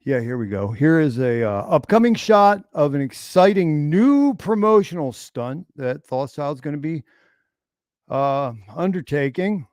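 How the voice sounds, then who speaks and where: A man's voice: a little high, sing-song, measured pace, darkish tone, no room sound, clean studio sound. A man hosting his own livestream, talking in a rambling, mock-grandiose way with casual profanity. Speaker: livestream host.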